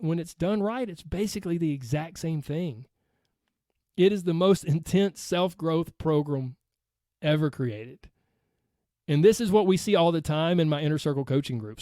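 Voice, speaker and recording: A man's voice: fairly high pitch, warm tone, no echo, clean studio sound. A man with a Southern accent hosting a solo podcast as a weight loss coach, talking in an earnest, motivational way and often checking in with "right?".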